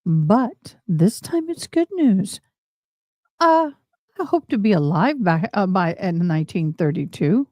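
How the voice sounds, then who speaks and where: Woman host, casual rambling live-stream chat, unhurried, dead-dry sound. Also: medium pitch, very animated, darkish tone, no room sound. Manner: chatty and rambling, addresses viewers as y'all. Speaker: livestream host commenting on court trials.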